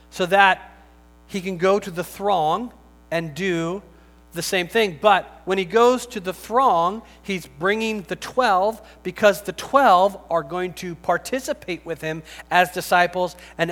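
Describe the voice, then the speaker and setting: Male pastor, high voice, chatty and humorous sermon with forceful emphasis; long hall reverb, faint music bed. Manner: conversational and joking, with emphatic bursts.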